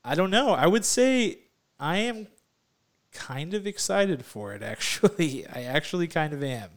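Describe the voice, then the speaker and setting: A man co-hosting a podcast in casual chat, excitable, often laughing and saying "like" a lot, on a remote call. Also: a little high, measured pace. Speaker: podcast co-host.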